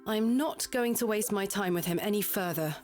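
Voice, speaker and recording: A woman's voice: medium pitch, normal speed, darkish tone, faint music behind, lightly acted. An actress playing a formal, determined woman archaeologist in an adventure game. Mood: composed. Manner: formal, composed.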